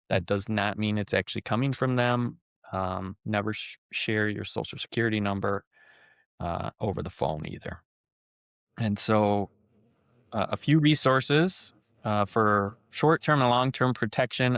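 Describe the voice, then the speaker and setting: A man with a fairly low, creaky voice hosts a podcast, telling a cautionary story in a relaxed, conversational way full of ums and uhs. His tone is clean, and the recording is dry and studio quality.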